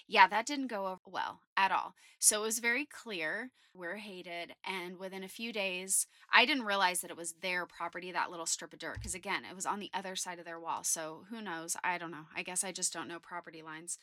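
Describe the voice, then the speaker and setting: Bright, chatty woman telling a story. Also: medium pitch, normal speed, dry recording, clean studio sound. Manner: chatty, animated, candid storytelling. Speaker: podcast host. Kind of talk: personal storytelling.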